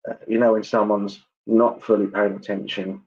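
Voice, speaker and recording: A man gives a clairvoyant reading at a church service. His voice sits low with a husky edge. He talks in a chatty, halting way, full of ums and asides, and the online stream sounds dull and lo-fi. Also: flat delivery, a little mellow. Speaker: spiritualist medium.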